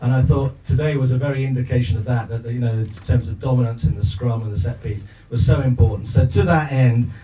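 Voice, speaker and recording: A man's voice: mid-range voice, quick pace, few pauses, mellow. A man in his sixties giving a speech at a sports club, telling jokey anecdotes full of asides before presenting an award. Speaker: guest speaker presenting an award. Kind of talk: after-dinner speech. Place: clubhouse function room with an audience. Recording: echoey room, mic at a distance, crowd noise.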